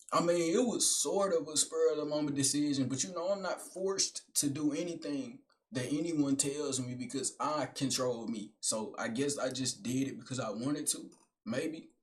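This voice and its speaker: A young man voicing a calm, reasoning side of himself in a low, quiet, measured tone. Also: close to an everyday voice.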